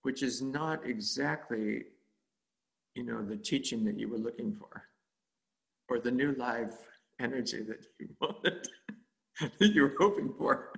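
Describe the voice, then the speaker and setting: Gravelly-voiced man giving a rambling dharma talk. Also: mid-range voice, measured pace, pauses often. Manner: rambling, chuckling, conversational. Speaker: meditation teacher.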